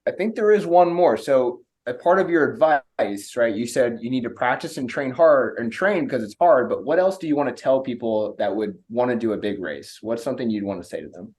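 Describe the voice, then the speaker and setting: A man's voice: medium pitch, lively intonation, a little fast, hardly any pauses, a little mellow, husky. A man in his late twenties, a coach and founder, talking in a rambling, easy way that is often broken by laughter. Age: late 20s. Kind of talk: interview, casual chat.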